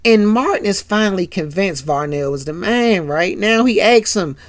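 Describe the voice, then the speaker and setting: A man's voice: sits high, lively intonation, normal speed, background noise. A man hosting a podcast, casually retelling a sitcom episode and acting out every character. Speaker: podcast host.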